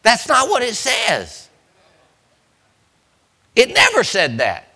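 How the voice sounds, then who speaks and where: A man preaching a sermon as pastor, restarting phrases and building to emphatic, slowed punchlines. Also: very high-pitched, wildly swooping pitch, bright, forceful tone, husky.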